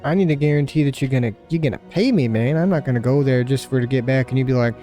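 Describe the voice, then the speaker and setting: Joking, mellow-voiced gaming host. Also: male voice, medium pitch, fast, faint music behind. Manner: joking, rambling, self-mocking. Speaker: let's play host. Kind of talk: casual gameplay commentary.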